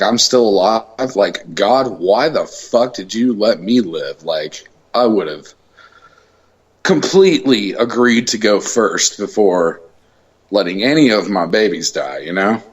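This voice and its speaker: A man's voice: fairly low pitch, highs cut off. Emphatic, profane podcast guest man. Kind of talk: casual chat.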